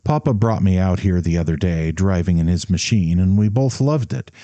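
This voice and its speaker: A man voicing a cheerful, gently mocking young woman in a storybook reading. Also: low voice, moderate pace, no echo. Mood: admiring. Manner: light, amused, gently mocking.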